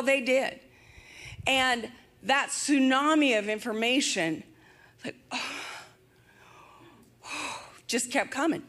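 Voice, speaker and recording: A woman's voice: fairly high pitch, fairly bright tone. An older woman preaching a sermon, emphatic and fervent, repeating her rallying phrases. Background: music.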